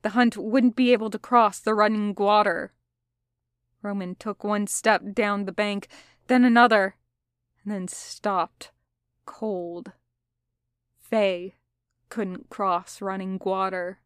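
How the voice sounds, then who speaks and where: A woman narrates a story in a steady audiobook read, speeding up where the action turns tense. Her voice sits in a middle range, recorded dry and close with no room sound. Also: medium pitch, slow, long pauses, clean tone, dry recording. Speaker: podfic reader. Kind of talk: audiobook narration of fan fiction.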